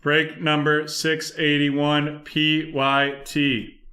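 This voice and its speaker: A man's voice: a little high, monotone, very slow, pushed and bright. A young man hosting a live card break stream, rattling off card names and the buyers they go to.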